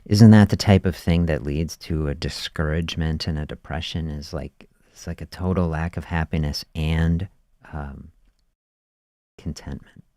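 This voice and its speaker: A podcast host with a very low, mellow male voice thinks aloud in an unhurried, reflective monologue, leaning on little prompts like "you know" and "see." The sound is dry with no room echo.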